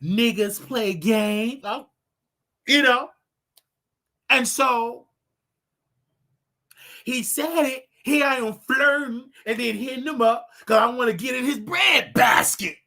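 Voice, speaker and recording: A man hosting his own show, ranting and preaching to his audience in a casual, animated way with loud outbursts. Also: very high-pitched, slow, gravelly, pauses often. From United States. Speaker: show host. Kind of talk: casual livestream rant.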